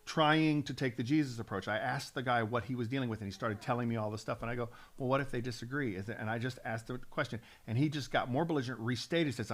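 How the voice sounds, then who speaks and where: A man's voice: mid-range voice, fairly bright tone. A man, a pastor, teaching from the Bible on a talk show, earnest and building up steam, often restarting his sentences.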